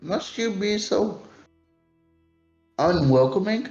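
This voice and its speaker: A faceless porcelain mannequin, voiced by a man speaks slowly in a raised, stiff, formal voice. It is calmly unsettling and never hurried. The audio is roomy and a little dull. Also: sits high, soft background music, voice pushed up, exaggerated voice. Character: polite eerie faceless mannequin, male. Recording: roomy, dull-sounding mic.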